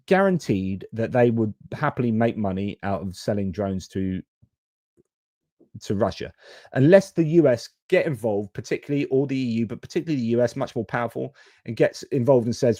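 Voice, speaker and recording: A man's voice: medium pitch, expressive, fairly quick, dark tone, dry recording, clean studio sound. A man hosting a live-stream news commentary, frank and exasperated, with casual swearing. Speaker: host.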